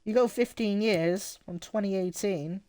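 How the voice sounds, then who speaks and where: A man's voice: sits high, unhurried, mellow, dry recording, studio quality. A man giving casual, rambling and jokey commentary while streaming a football game.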